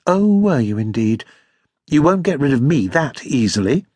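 A man voicing a sharp, jealous young woman with a quick, accusing tongue in an audiobook. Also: medium pitch, big pitch swings, breathy edge, no echo. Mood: tart. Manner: tart and accusing.

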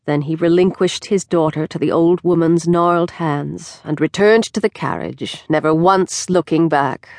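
A woman narrating an audiobook in a measured, expressive storytelling manner. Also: low-pitched, no room sound, studio quality. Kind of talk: scripted narration. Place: recording studio. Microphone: close studio mic.

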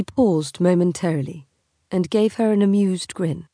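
Low-voiced woman narrating a romance. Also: a little slow, dark tone, no echo, clean studio sound. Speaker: audiobook narrator. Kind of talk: scripted narration.

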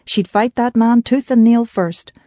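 A woman narrating an audiobook in a measured storytelling manner. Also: on the high side, mellow, no echo. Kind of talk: scripted narration.

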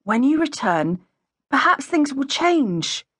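Woman playing a soft, pleading young lady, audiobook romance heroine, dry close mic. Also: sits high, very animated, takes it slowly, no room sound, voice pushed up, exaggerated voice. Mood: tender. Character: gentle young English gentlewoman.

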